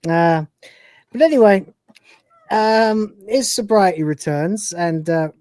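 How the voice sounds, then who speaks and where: Woman host, mellow low voice, dry close sound, lively scene-by-scene retelling. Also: slow pace, no echo. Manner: animated retelling of scenes, laughs and swears freely. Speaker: podcast host. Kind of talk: casual review chat.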